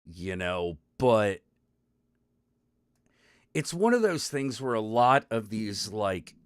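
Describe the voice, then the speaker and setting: A man's voice: fairly low pitch, very animated, slow pace, clean tone, dry recording. Sweary guy ranting on his stream, voice jumps all over, super dry mic. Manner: sweary, rambling, exasperated, lots of fillers and restarts. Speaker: stream host. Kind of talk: casual profane ranting to chat.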